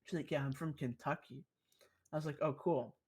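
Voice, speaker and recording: A man's voice: fairly high pitch, fairly quick, breathy edge. A young man, a podcast guest, telling rambling stories in casual, profane chat. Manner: profane, rambling, animated storyteller.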